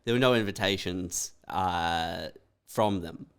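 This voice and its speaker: A man's voice: sits low, slow pace, clean tone. A man in casual chat, prompting his guest with short questions.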